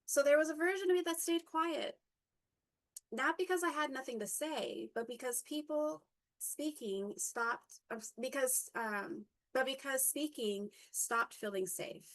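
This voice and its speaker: A woman in her fifties telling a personal reflective story as a workshop speaker, halting, with frequent fillers, self-corrections and an occasional stutter. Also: sits high, a bit bright, poor audio.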